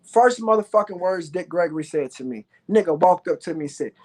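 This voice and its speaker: A man's voice: high-pitched, animated, a little fast, darkish tone. Boastful, profane ranting man. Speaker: vlogger. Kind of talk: ranting vlog monologue.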